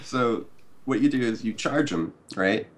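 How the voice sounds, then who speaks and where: A man's voice: mid-range voice, a little slow. A young man chatting casually as a podcast guest, laid-back and explaining things step by step. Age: young adult. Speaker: guest gamer.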